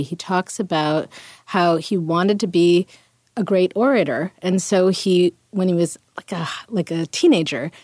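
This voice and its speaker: Lady lit teacher on a writing podcast, chatty, lotta "like", lower voice, dry mic. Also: no echo. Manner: animated, chatty, many "like" and "you know" fillers. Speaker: podcast co-host, literature teacher. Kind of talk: casual discussion.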